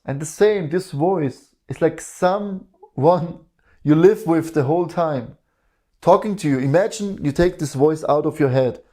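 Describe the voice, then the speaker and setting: Mellow-voiced man giving spiritual talk. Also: fairly high pitch. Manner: calm, with many rhetorical questions. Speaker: spiritual teacher.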